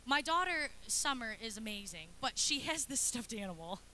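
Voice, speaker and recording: A woman in her thirties preaching a lively, chatty sermon in a church, acting out little scenes as she goes. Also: a little high, normal speed, a little hiss or hum. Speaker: pastor's wife preaching. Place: church sanctuary.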